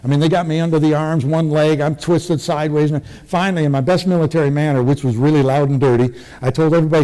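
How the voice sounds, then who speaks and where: A man's voice: on the high side, fast, hardly any pauses, dark tone. An older man, a military veteran, recounting his past in a rambling, vivid oral-history style with many restarts.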